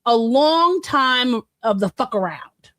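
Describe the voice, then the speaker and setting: A woman's voice: on the high side, expressive, takes it slowly, fairly bright tone, no echo. A woman co-hosting a podcast, speaking earnestly and emphatically, repeating words for weight. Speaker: podcast co-host. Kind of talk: casual podcast discussion.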